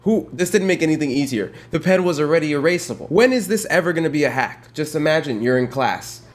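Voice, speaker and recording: Sarcastic young male commentary host, slightly high, deadpan mockery. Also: quick pace, hardly any pauses, a little hiss or hum.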